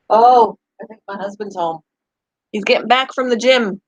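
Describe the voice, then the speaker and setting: A woman's voice: mid-range voice, normal speed, no room sound, highs cut off. A middle-aged woman chatting casually to her viewers about her pets, now and then cooing at her dog. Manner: chatty, talks to her dog in a sing-song voice. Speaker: pet vlogger. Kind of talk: casual chat to camera.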